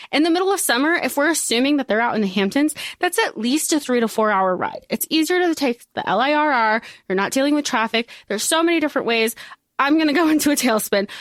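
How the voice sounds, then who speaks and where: A woman's voice: fairly high pitch, a bit bright, dry recording, studio quality. A woman co-hosting a podcast, chatting casually, swearing and laughing often. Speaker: podcast co-host. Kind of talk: casual chat.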